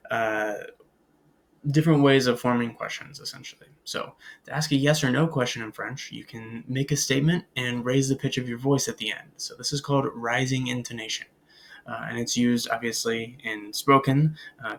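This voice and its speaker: A man's voice: mid-range voice, vocal fry. A man teaching a recorded beginner French lesson, explaining in English with many "uh"s and modeling French words aloud. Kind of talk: recorded language lecture.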